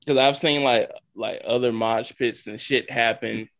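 A man's voice: medium pitch, steady tone, measured pace, fairly bright tone. A man co-hosting a podcast, blunt and profane in casual chat. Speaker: podcast co-host.

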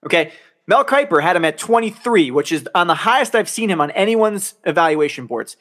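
A man's voice: sits high, expressive, brisk, a bit bright. A man co-hosting a podcast, ranting in casual talk, exasperated and swearing a lot. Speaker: podcast co-host. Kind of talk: heated casual sports rant.

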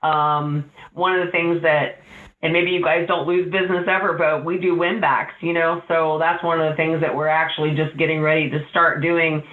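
A woman's voice: low voice, flat delivery, moderate pace. A woman who owns a small agency speaks candidly on a panel, breaking into giggles and playing down her own work. Her voice comes through a tinny, phone-like line with an echoey room around it. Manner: giggly and self-deprecating. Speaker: insurance agency owner on a panel. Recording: tinny echoey call audio.

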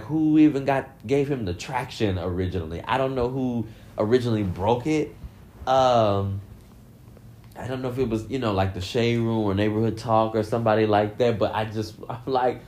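A man with a somewhat low voice riffing in casual commentary. He laughs often, swears freely and swings his voice up in animated bursts. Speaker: commentary vlogger.

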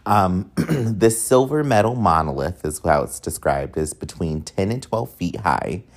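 A man's voice: sits low, lively intonation, a little slow, creaky. A young man hosting a casual solo podcast, chatty and rambling, with frequent asides and filler words. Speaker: podcast host.

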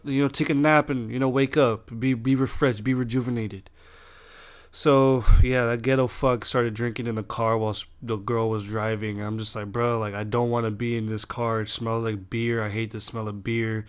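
A man's voice: mid-range voice, little pitch movement, normal speed, smooth. A young man telling a long personal story in a rambling, casual way, swearing constantly and restarting his sentences.

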